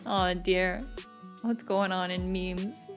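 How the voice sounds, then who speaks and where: A young woman streaming, chatting casually while she draws. She talks softly, trails off quietly and giggles often between her remarks. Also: lowish voice, fairly even intonation, takes it slowly. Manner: soft-spoken, trails off quietly. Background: faint background music.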